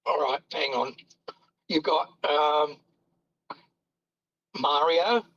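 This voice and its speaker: Husky-voiced co-host on a muffled remote line. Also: male voice, fairly high pitch, very slow, fairly bright tone, dry recording. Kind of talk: casual live-stream chat.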